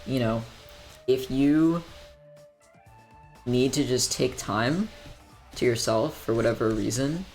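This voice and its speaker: Young man, gravelly vocal fry, casual study-stream chatter, muttering to himself, faint background music. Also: medium pitch, slow pace, pauses often, a little mellow. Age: young adult. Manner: rambling, muttering to himself while working problems.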